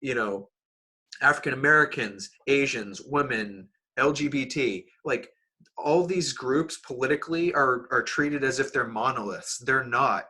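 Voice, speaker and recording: Bright-voiced man hosting a casual podcast. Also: mid-range voice, a little slow, husky. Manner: rambling, lots of "like" and restarts. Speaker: podcast host.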